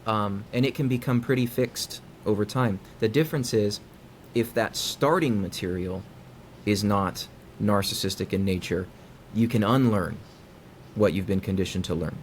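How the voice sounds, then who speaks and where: A guest psychologist with a fairly low voice talks at a normal speed about how people behave, keeping it easy and conversational. He drifts into quoted dialogue, changing his inflection as he goes, while faint noise runs beneath the recording.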